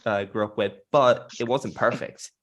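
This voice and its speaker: A man in a casual discussion who speaks in a measured way and quotes from the source text. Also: fairly low pitch, steady tone.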